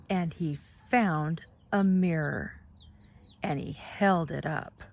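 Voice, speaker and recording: A middle-aged woman reading a picture book aloud to young children, gentle and sing-song, pointing out the pictures as she goes. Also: fairly low pitch, drawn-out words. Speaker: children's storytime reader.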